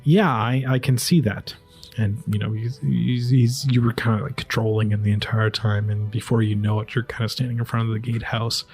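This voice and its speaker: A man's voice: lowish voice, flat delivery, fairly quick, few pauses, darkish tone, husky, faint music behind. A man narrating a tabletop game as game master, casual and rambling.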